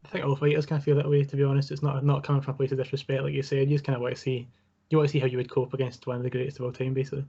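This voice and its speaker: Fast, flat-toned male interview host. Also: medium pitch, creaky, husky, dull audio. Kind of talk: casual interview.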